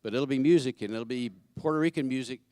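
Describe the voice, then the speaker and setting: A man giving church announcements in a chatty, joking way, halting with fillers and restarts. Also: mid-range voice, mellow, smooth, dry recording, clean studio sound. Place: church sanctuary.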